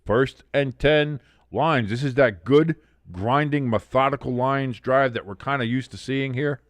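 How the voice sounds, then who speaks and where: A man hosting a live watch-along stream, calling the game play by play and reading out chat comments, with bursts of excitement on big plays. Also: mid-range voice, unhurried, no echo. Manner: swears casually.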